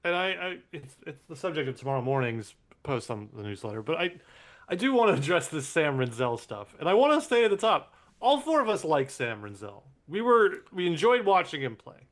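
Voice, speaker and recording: A man's voice: on the high side, very animated, fairly quick. A man co-hosting a casual sports podcast, wry and sarcastic, often laughing. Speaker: podcast co-host.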